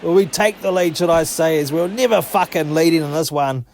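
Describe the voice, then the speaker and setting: A man doing excitable, sweary, jokey play-by-play commentary over a baseball video game he is playing as a gaming channel host. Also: a little high, fairly quick, slight background noise.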